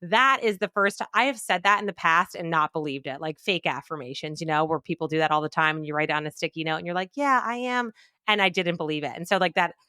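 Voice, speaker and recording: Female guest, bright clear voice, chatty and expressive, dry close recording. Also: low-pitched, fast talker, hardly any pauses, no room sound. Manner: chatty, many "like" fillers, expressive quoting. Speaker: podcast guest, clinical nutritionist. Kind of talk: casual conversational interview.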